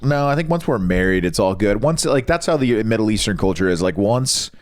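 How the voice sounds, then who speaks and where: Brief: podcast co-host, man, low and lively, rambling, swears freely. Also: a little fast, slight background noise. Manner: rambling and profane. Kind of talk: casual chat.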